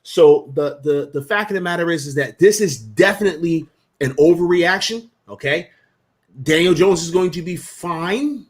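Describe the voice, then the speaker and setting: A man co-hosting a casual sports talk show, animated and repeating himself for emphasis. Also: a little high, normal speed. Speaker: podcast co-host.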